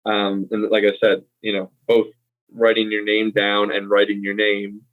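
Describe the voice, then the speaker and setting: A man's voice: on the low side, completely flat delivery, normal speed. An American man co-hosting a casual language chat, explaining things in a laid-back way with lots of fillers and easy laughs. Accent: General American. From United States. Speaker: co-host. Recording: tinny phone-like line.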